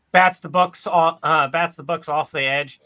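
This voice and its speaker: A man's voice: on the high side, steady tone, slow pace, pushed and bright. A man playing a tabletop game, casually describing his character's actions aloud. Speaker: player.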